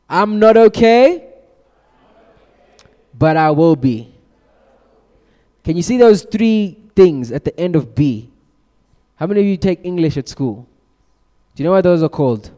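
A man's voice: on the high side, big pitch swings, a little fast, dark tone. A man giving a motivational talk, energetically rallying his audience. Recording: long hall reverb.

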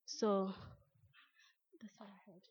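A young woman from a youth group shares a personal testimony in a quiet, hesitant way. She speaks slowly, with a flat and mellow tone. She sounds a little off-mic, and the recording is dull and lo-fi. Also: medium pitch, a little hiss or hum. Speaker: youth group member sharing.

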